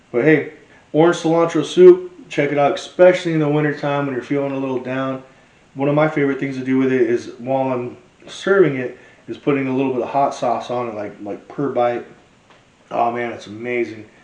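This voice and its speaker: A man's voice: mid-range voice, a little mellow, reverberant, highs cut off. A man hosting a cooking show, telling a rambling, profane story and laughing as he cooks. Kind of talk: casual storytelling while cooking.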